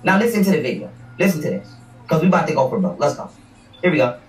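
A man's voice: fairly high pitch, expressive, fast. A man hosting a livestream, ranting in a combative, profane way and repeating words as he hammers his points. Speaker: livestream host. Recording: echoey room, distant mic.

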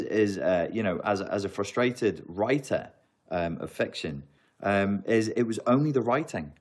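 A man with a fairly low voice, talking casually to his livestream audience. He answers chat questions and slides into animated rants, hammering the same words over and over. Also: a little slow. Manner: animated ranting with emphatic repeats.

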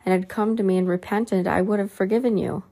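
A woman reading the lines of Jesus as a gentle, solemn man in a storybook reading. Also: mid-range voice, steady tone, gravelly. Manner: slow, soft and solemn.

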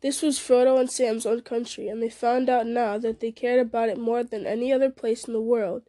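A woman reading a fantasy novel aloud at a steady pace, with small slips and restarts. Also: a little high, a little fast, no echo. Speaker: story reader.

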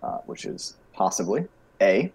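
A man's voice: fairly low pitch, big pitch swings, a little slow, darkish tone, breathy edge, rough recording. A man with an American accent co-hosting a podcast, dryly reading out word definitions for a game. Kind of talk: casual chat.

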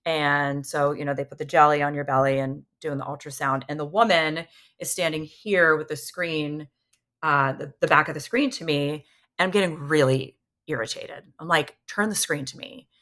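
A woman in her thirties speaks as a podcast guest, retelling events from her own life. Her voice sits low but carries a bright, forceful tone. She talks candidly and animatedly, slipping into the voices of the people in her story. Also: moderate pace. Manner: candid, animated retelling that acts out what others said. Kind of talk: personal storytelling in a conversation.

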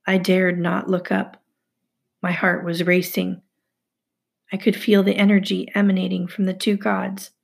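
Woman narrator, husky, some fry, steady first-person storytelling. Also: lowish voice, unhurried. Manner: steady storytelling, hushed asides. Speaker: audiobook narrator. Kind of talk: first-person novel reading.

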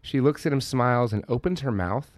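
Male podcast co-host, mid pitch, dry close-miked sound, lively scene recaps full of swearing. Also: brisk, dry recording. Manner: animated retelling with swearing. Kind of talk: casual movie-review chat.

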